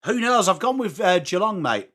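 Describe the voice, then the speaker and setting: Excitable English man hosting a footy watchalong. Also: high-pitched, moderate pace. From England. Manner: excitable, chatty, jumps between play calls and chat replies. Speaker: watchalong host. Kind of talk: live sports watchalong, chatting with viewers.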